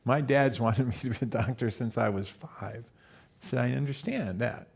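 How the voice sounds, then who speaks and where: Easygoing older man, mid-pitched voice. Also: moderate pace, gravelly, slightly rough. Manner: easygoing, many fillers and restarts, quoting students. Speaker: Stanford lecturer and co-author. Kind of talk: storytelling at a live talk.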